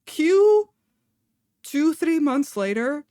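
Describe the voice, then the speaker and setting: Young woman streamer, higher voice, dry close sound, casual rambling anecdote, filler-heavy. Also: big pitch swings, very slow, dark tone, no echo. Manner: chatty, filler-heavy, laughs between lines. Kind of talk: casual storytelling on a live stream.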